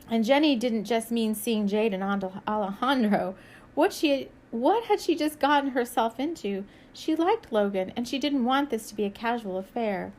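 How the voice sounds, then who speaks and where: A woman with a fairly high voice reads her own romance novel aloud in a soft, even way. Between passages she muses, hesitates and laughs lightly as she offers a spiritual message. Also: normal speed. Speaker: author and spiritual reader.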